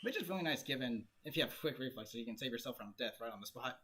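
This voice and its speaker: A man giving casual, joking commentary while streaming a game, quick to laugh and to grumble about it. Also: mid-range voice, expressive, fairly bright tone. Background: game music.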